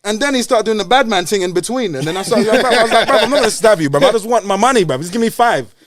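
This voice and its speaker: A man telling a story in casual podcast chat, animated and full of slang and swearing. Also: high-pitched, racing.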